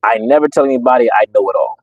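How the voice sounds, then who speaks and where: A dog breeder who runs his own channel talks casually to viewers in a racing, mid-range male voice, with phone-quality sound and no room sound. He's emphatic and preachy, repeating himself and using lots of fillers, like a casual livestream.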